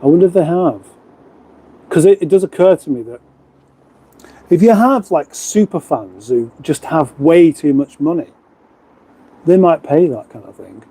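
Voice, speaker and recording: A man's voice: on the high side, expressive, measured pace, long pauses, warm tone, husky. A middle-aged man from England hosting a casual livestream from his lockup garage, chatting and reading out viewer comments with self-mocking, rambling asides. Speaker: livestream host. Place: lockup garage in front of a fridge.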